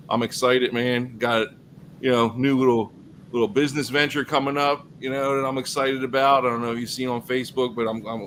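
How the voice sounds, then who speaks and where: Animated man in casual sports chat. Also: mid-range voice, slight background noise, low-quality recording. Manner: animated, loose, lots of fillers. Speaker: podcast co-host.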